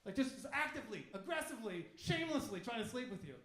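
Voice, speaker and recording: Male comedian, high voice, roomy club sound, crude and animated, live stand-up. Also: fast. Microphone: handheld stage mic. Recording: echoey club room. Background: audience laughter.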